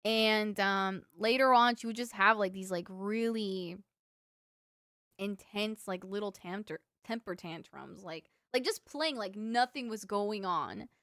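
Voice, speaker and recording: A woman's voice: medium pitch, a little slow, fairly bright tone, no room sound, studio quality. A young woman livestreaming, telling childhood stories to her chat in a rambling, filler-heavy way. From Cuban family. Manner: rambling storyteller, lots of fillers, laughs at own stories. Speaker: livestream streamer. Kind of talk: casual chat with viewers.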